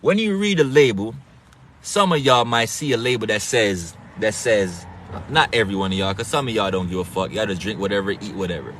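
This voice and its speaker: A man's voice: lowish voice, fairly quick, a bit bright. Man, accented, swearing lecturer, casual preachy monologue, faint noise behind. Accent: non-standard English accent. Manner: profane, emphatic, lecturing, repeats words. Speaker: online health talk host.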